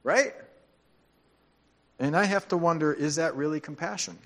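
A man preaching a sermon as pastor, speaking conversationally and dropping into quiet, emphatic asides. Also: a little high, moderate pace.

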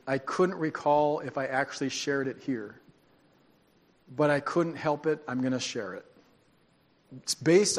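Pastor guy preaching, goes quiet then loud telling a story, kinda high voice, echoey church hall. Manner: dramatic storytelling, swings from hushed to loud. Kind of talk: sermon. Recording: long hall reverb.

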